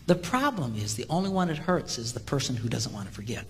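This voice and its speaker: A man giving a humorous sermon-style seminar talk, telling stories animatedly and jumping into high voices for quotes. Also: very animated, fast, slight background noise. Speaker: marriage seminar speaker. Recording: live hall with long reverb, faint ambience.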